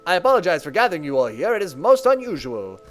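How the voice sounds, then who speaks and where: A man's voice: high voice, big pitch swings, quick pace, a bit bright. A man voicing a grand hostess who addresses a gathered party formally. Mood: stately. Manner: formal, stately.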